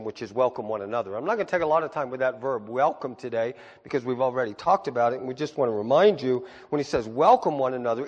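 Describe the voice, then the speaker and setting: A male pastor preaching with a fairly high, lively voice that swings from quiet asides up to emphatic peaks. His words ring out with the long reverb of a big hall. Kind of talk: sermon.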